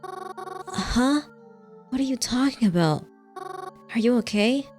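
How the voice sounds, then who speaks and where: A woman voicing a young heroine in a visual novel, asking high, loud, flustered questions. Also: big pitch swings, takes it slowly, faint music behind. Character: young woman, frantic and exasperated protagonist.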